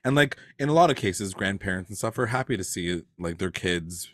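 A man's voice: sits low, animated, a little fast, a bit bright, no room sound, studio quality. A man co-hosting a casual TV recap podcast, acting out characters' lines with laughter. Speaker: podcast co-host.

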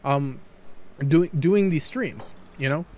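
A man's voice: a little high, slow, darkish tone, a little hiss or hum. Man ranting casually on a podcast. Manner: rambling, repeats words, swears casually. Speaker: podcast host and streamer. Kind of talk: casual opinionated podcast chat.

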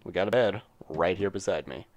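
A man's voice: low voice, brisk. A young man co-hosting a casual podcast, joking crudely and laughing often. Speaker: podcast co-host.

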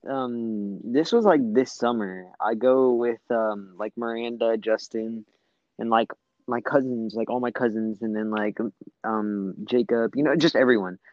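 A man's voice: medium pitch, measured pace, no room sound, lo-fi sound. A young man telling a long story in casual chat, rambling with lots of fillers and swearing.

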